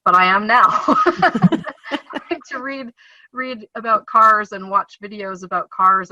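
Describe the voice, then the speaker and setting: A woman with a very bright, forceful tone chats as a podcast guest and laughs easily between points. The audio is close and dry, and a little dull and lo-fi. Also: medium pitch, fairly even intonation, a little slow, no room sound. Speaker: guest, homeschooling mother. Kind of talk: casual podcast chat.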